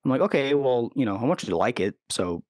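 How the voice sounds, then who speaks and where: A man's voice: medium pitch, big pitch swings, quick pace, darkish tone, dry recording, studio quality. A man talking casually as a podcast guest, rambling with lots of fillers and quoting others. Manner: rambling, full of "like" and "you know", acts out quotes. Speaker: recording engineer and producer, guest. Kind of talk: casual interview talk.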